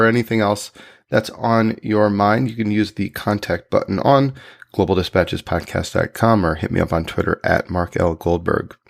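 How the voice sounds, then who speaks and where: A man hosting a podcast interview, relaxed and quick to laugh. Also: fairly low pitch, gravelly. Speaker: podcast host.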